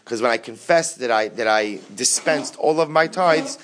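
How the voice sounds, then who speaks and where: A man's voice: mid-range voice, normal speed, a crowd in the background. A man teaching a Talmud study lesson who quotes a passage, translates it, and explains by repeating and rephrasing each point.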